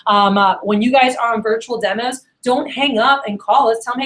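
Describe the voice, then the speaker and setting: A middle-aged woman sales manager giving an energetic sales training workshop and acting out phone conversations. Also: a little high, a little fast, rough recording. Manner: energetic, acts out phone dialogues.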